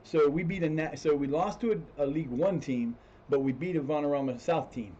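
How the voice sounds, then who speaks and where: A man with a mellow, somewhat dark, fairly high voice talks quickly, with few pauses, through a football management game on a live stream. He rambles, restarts sentences as he thinks aloud, and swears when frustrated, all as casual gameplay commentary. The lo-fi audio is slightly dull, with faint hiss beneath.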